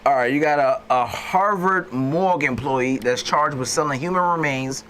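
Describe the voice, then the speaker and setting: A woman's voice: extremely low pitch, normal speed, a bit bright, a little hiss or hum. A woman hosting a podcast, talking bluntly with lots of cursing and laughter. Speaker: host. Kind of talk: casual podcast banter.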